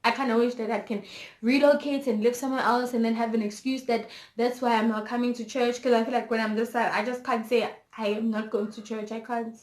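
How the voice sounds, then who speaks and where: A woman's voice: fairly high pitch, flat delivery, a little fast, darkish tone, slight background noise. Young South African woman, emotional vlog. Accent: South African, Zulu-inflected. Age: young adult. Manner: candid, emotional, code-switching between English and Zulu. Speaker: vlogger. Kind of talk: personal storytime. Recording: roomy echo.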